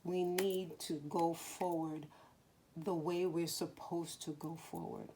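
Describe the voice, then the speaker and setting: A woman giving a spiritual card reading in a slow, soothing voice that sometimes drops to a whisper, choked up with emotion. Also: fairly low pitch, little pitch movement, warm tone, a little hiss or hum. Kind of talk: soft spoken tarot-style reading.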